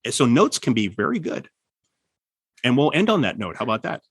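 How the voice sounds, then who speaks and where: A man hosting a casual podcast, giving writing advice and acting out quoted lines with sudden jumps in pitch. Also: sing-song, brisk, fairly bright tone, slight background noise. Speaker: writer and podcast host.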